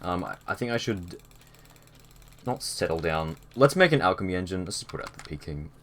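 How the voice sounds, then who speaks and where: Chatting on a live stream through his headset, a young Australian at his desk sounds animated and fairly quick, his low voice a bit bright against slight background noise. He's easygoing and rambling, dropping fillers and starting over often.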